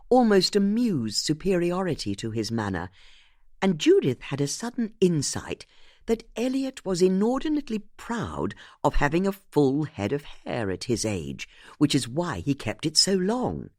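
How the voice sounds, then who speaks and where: An audiobook narrator reading a mystery in an expressive way. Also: medium pitch, dry recording, studio quality.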